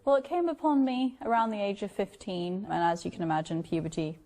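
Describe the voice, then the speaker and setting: A woman's voice: mid-range voice, brisk, warm tone. A woman speaking in a documentary interview, gushing and hesitant, with many fillers.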